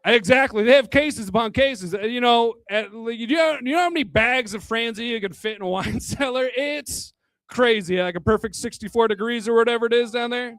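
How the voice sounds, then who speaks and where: A man's voice: very high-pitched, moderate pace, a bit bright, dry recording, studio quality. A man doing a stand-up comedy set at a bar into a handheld microphone, crude and rambling, a bit tipsy, chuckling at his own jokes. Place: bar hosting a live comedy night.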